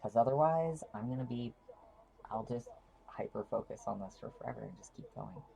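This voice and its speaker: A woman's voice: very deep voice, lively intonation, normal speed, gravelly, mellow, poor audio. A woman live-streaming from home, chatting casually with her viewers in a rambling way, often interrupting herself and laughing.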